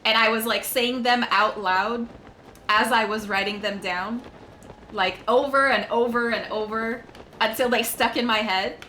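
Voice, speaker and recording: Giggly woman, slow and bright. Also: a little high, fairly even intonation, slight background noise. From Quebec, Canada. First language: French. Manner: giggly, apologetic, chatty. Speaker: streamer. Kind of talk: casual chat with stream viewers while gaming.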